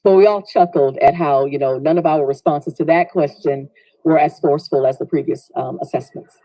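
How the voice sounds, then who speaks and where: A woman's voice: sits low, normal speed, mellow, dry recording, poor audio. A woman telling a personal story in a reflective way, sometimes acting out what others said. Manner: reflective, acts out quoted voices.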